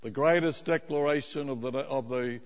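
A man preaching a sermon, stressing key words slowly and teasing his congregation. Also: medium pitch, in a large hall.

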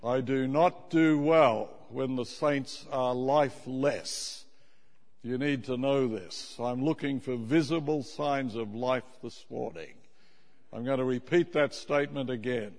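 A man preaching a sermon, stressing key words slowly and teasing his congregation. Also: medium pitch, long reverb tail.

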